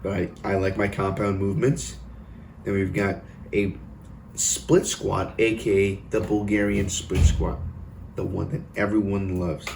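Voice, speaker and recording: A man's voice: low-pitched, little pitch movement, a little slow, creaky, a little mellow, echoey room, a little hiss or hum. A young man talking casually about his gym routine in a rambling vlog, with many fillers and restarts. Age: young adult. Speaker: fitness vlogger.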